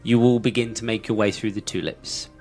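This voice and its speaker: A man narrating a tabletop role-playing game as game master, describing scenes in an unhurried way. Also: on the low side, fairly even intonation, a little mellow, faint music behind.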